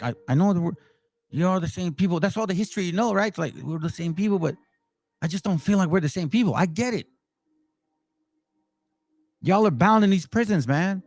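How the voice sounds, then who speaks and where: A man's voice: high voice, no echo. A man hosting a Bible channel, talking bluntly and with fire. He mixes casual commentary with scripture read aloud. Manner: blunt and direct; fiery, emphatic.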